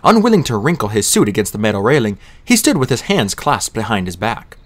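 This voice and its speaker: A man reading a fantasy novel aloud as an audiobook narrator, with an expressive delivery. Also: fairly low pitch, a little fast.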